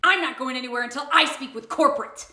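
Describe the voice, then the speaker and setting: A woman's voice: sits high, quick pace, pushed and bright, reverberant, slight background noise. A woman acting as an indignant, demanding female customer in a comedy skit. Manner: indignant, bossy. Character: entitled pushy female customer, demanding and stubborn.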